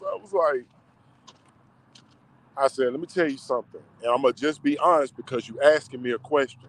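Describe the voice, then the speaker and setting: A man's voice: fairly high pitch, a little fast. A man in casual, emotional storytelling, talking in slang with many fillers. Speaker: vlogger. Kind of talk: casual personal storytelling to camera.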